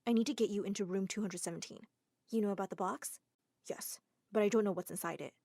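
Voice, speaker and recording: Woman voicing young man, mysterious, calm, low, quiet, animated story. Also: fast talker, gravelly, no room sound, studio quality.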